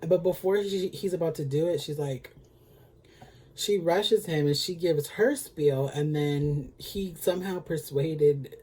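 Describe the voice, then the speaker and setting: A man's voice: fairly high pitch, unhurried, darkish tone, slight background noise. A man recapping a TV episode in a chatty, sassy way, with lots of filler words and free swearing. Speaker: beauty vlogger.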